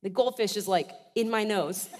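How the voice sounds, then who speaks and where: A woman's voice: medium pitch, normal speed, a little mellow, in a large hall. A woman in her thirties preaching a sermon in a church, with a conversational style that keeps checking in with the congregation. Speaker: pastor.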